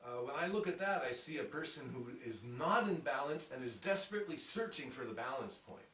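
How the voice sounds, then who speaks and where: A man's voice: fairly high pitch, animated, a little fast, a bit bright, slight background noise. A man teaching piano technique in a lecture, speaking thoughtfully and acting out short quotes to make his points. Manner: thoughtful, demonstrates with acted-out quotes. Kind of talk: lecture presentation. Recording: roomy sound from a distance with piano.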